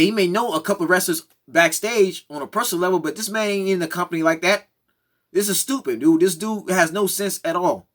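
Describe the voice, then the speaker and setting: A man's voice: sits high, fairly bright tone. A man giving a heated, opinionated commentary, often tagging his points with "right?". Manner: heated, repeats "right?" and "come on now, man". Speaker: commentary vlogger. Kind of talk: opinionated monologue.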